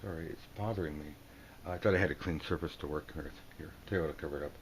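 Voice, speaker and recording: A man giving a casual tarot video lesson, joking and acting out the people on the cards in quick silly voices. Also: rumbling low, a little hiss or hum. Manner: playful, jokey, acts out card characters in quick silly voices. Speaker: tarot teacher.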